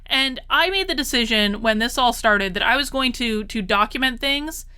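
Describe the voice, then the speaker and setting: Bright, clear-voiced exasperated woman. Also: fairly high pitch, lively intonation, moderate pace. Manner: exasperated, repeats herself for emphasis. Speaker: political commentary vlogger. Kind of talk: emphatic casual monologue.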